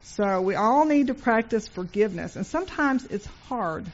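A woman's voice: on the high side, expressive, moderate pace, dull audio. A woman giving an informal Christian devotional talk, telling stories earnestly and repeating phrases for emphasis. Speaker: Christian speaker.

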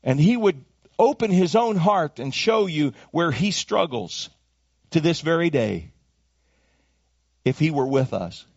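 A man preaching a sermon as pastor, swinging from high emphatic calls down to low hushed asides. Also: expressive, a little slow, vocal fry, long pauses, slightly rough, dry recording, muffled recording.

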